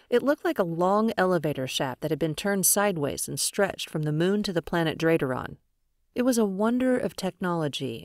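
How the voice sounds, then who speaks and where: A woman with a low voice narrates an audiobook from a script, recorded with studio quality and no room sound.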